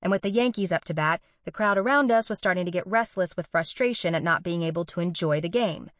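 A woman's voice: lowish voice, fast talker, dry recording, studio quality. A young woman narrating a first-person story with wry, sarcastic and profane humor.

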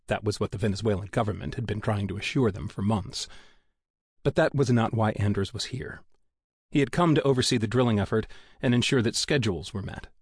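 A man reading a novel aloud in a measured, even storytelling manner. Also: fairly low pitch, breathy edge, dry recording, studio quality. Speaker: audiobook narrator. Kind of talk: scripted narration.

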